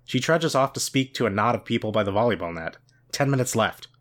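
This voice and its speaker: A man co-hosting a podcast, reading a book aloud with expressive narration and laughing banter. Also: medium pitch, fairly quick. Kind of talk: dramatic read-aloud with banter.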